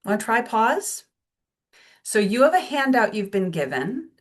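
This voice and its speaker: A woman in her forties presenting a workshop, talking in a gentle, reflective way and acting out the voices she quotes. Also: fairly high pitch, sing-song, a little slow. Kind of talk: guided teaching talk.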